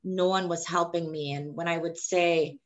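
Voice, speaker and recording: A young woman with a low, deep-set voice recounts her own experience. She speaks haltingly and hesitantly, in the plain way of a personal testimony. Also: fairly even intonation. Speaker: woman sharing her childbirth story.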